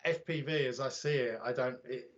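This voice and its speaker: A man's voice: medium pitch, moderate pace, lo-fi sound. A man with a British accent chatting casually as a livestream guest, telling self-deprecating anecdotes about his drone channel.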